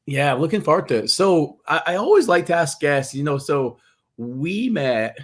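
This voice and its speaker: A man's voice: fairly high pitch, very animated, normal speed. A man from Scotland with a Scottish accent, hosting a podcast interview in a friendly, chatty way with frequent restarts. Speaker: podcast host. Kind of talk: casual interview chat.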